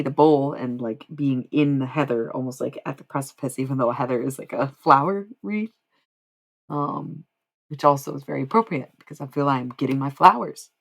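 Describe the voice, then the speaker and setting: A woman with a low, husky voice full of gravelly fry chats loosely on her livestream. She rambles, swears casually and lets her sentences trail off into "blah, blah" filler. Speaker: livestream host.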